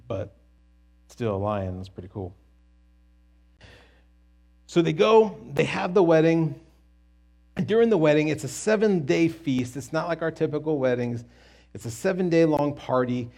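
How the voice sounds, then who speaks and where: A man teaching a Bible story in a casual, animated and jokey way, with quick asides and restarts. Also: fairly high pitch.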